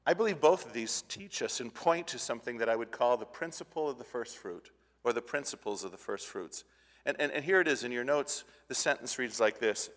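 A man preaching a sermon in earnest, swelling loud at times and dropping low, with frequent restarts. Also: lively intonation, brisk. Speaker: pastor. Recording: long hall reverb.

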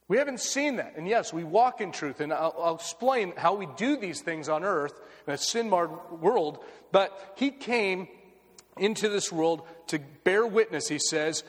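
High-voiced American man preaching in a hall. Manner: earnest, repeats phrases for emphasis. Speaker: pastor. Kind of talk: sermon.

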